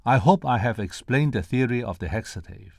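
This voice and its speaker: A man's voice: mid-range voice, expressive, brisk, vocal fry, breathy edge, no echo, clean studio sound. An older man from Hong Kong giving a prepared conference lecture, carefully sounding out tones and syllables one at a time to demonstrate them. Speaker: presenter at a conference.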